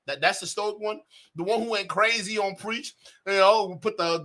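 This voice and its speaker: Male reaction host: mocking, incredulous, keeps laughing; slightly high, bright tone. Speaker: commentary host. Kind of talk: reaction commentary.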